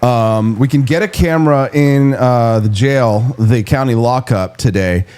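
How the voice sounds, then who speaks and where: A man hosts a talk show. He speaks at a middle pitch and keeps things loose and joking. He often fills gaps with uh and um. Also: unhurried, darkish tone, clean tone, some chatter behind. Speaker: show host. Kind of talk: casual chat.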